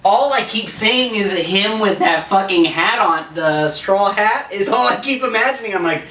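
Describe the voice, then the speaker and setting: A man's voice: high voice, expressive, normal speed, few pauses, bright, forceful tone, distant mic. Rambling tipsy man, echoey room. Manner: rambling, slurred, crude, laughing. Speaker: host. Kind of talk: drunk comic retelling of a play.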